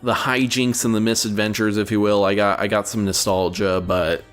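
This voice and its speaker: A man's voice: on the low side, flat delivery, normal speed, faint music behind. A young man co-hosting a podcast in casual chat, sardonic and crude, often stumbling over his words. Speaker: podcast co-host.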